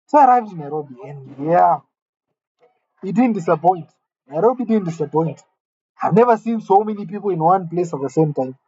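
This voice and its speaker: A man's voice: high-pitched, lively intonation, a little fast, mellow, husky, no room sound, lo-fi sound. A man from Kenya, telling a candid, self-deprecating personal story in a conversational way.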